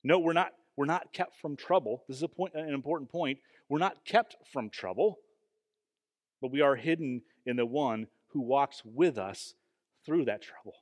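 A man preaching a sermon in an earnest, emphatic way, often pausing with fillers and restarting his phrases. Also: mid-range voice. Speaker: pastor. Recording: long hall reverb.

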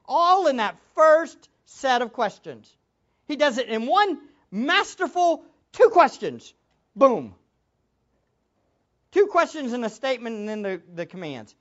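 A man's voice: very high voice, sing-song, measured pace, fairly bright tone, muffled recording. A man preaching a sermon as a pastor, emphatic, with much repetition for stress.

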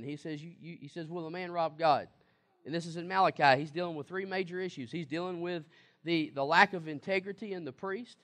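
A man's voice: high-pitched, a bit bright. A man preaching a sermon, emphatic, repeating words and asking the congregation questions. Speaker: pastor.

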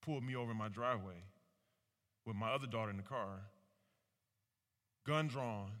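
A man's voice: on the low side, moderate pace. A man giving a preaching-style talk to a live audience, asking rhetorical questions and calling for responses. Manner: animated, rhetorical questions, acts out quoted voices. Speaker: speaker at a community talk. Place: large room with an audience. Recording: reverberant hall.

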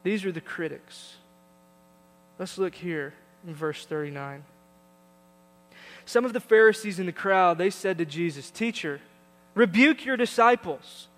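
A man's voice: sits high, measured pace, pauses often, big-room sound. A young adult male pastor preaching a sermon, telling a family story with acted-out voices and building to emphatic points.

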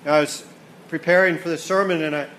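A man's voice: a little high, steady tone, a little fast, a bit bright, slight background noise. A man preaching a sermon with earnest build-up, often repeating words as he rises toward questions and falls back. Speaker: pastor. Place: church hall. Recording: echoey hall, faint ambience.

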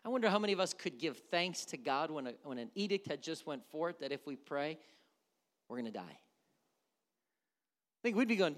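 A male pastor delivers a sermon with big dynamic swings. He climbs into loud, urgent preaching, then drops to a hushed near-whisper. He acts out everyday prayers in quick asides. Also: high-pitched, big pitch swings.

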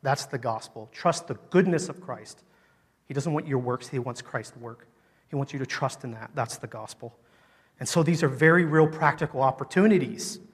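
A man preaching a sermon, telling a story with lively emphasis that swings between loud, emphatic lines and quiet, soft ones. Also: fairly high pitch, husky. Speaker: pastor. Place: church sanctuary. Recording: long hall reverb.

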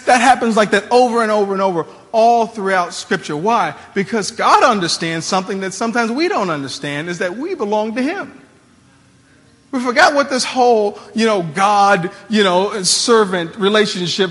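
A man's voice: high-pitched, expressive, normal speed, a bit bright, in a large hall. A man preaching a sermon as a pastor, in a casual, conversational way with slangy asides.

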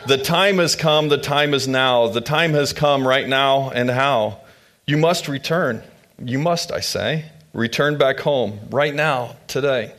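A man's voice: mid-range voice, measured pace, a bit bright, voice pushed up, natural voice. A man voicing an old widowed woman in a rhyming storybook, lamenting her age and urging her daughters-in-law home. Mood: urgent. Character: distraught old widow woman, self-mocking.

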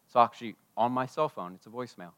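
A man preaching a sermon at a church service, impassioned, swinging between loud declarations and hushed asides. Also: mid-range voice, quick pace, clear, resonant tone. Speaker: pastor.

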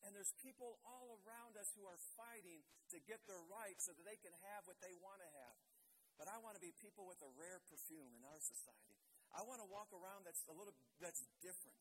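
A man's voice: high-pitched, fairly quick, slight background noise, low-quality recording. A man pastor preaching a sermon with an impassioned, repetitive cadence, leading into prayer. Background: music.

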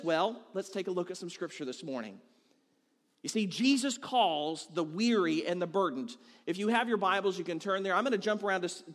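High-voiced man preaching in a reverberant hall. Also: a bit bright. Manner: earnest, conversational preaching with repetition. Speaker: pastor. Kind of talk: sermon. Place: church sanctuary.

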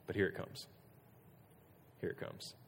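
A man preaching a sermon in a relaxed, chatty way, full of filler words and restarts. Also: measured pace, a little hiss or hum. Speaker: pastor. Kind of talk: casual conversational sermon. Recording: long hall reverb.

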